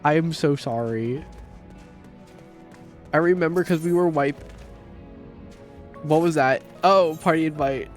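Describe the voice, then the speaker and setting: A man's voice: a little high, soft background music. Profane, rambling male game streamer. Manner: profane, rambling, quick bursts of shouting. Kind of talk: casual livestream chat while gaming.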